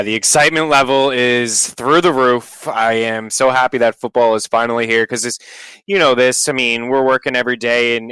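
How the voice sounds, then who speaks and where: A man co-hosting a sports podcast in a relaxed, conversational way. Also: medium pitch, clean tone, no echo, poor audio. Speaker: podcast co-host. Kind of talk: casual podcast chat.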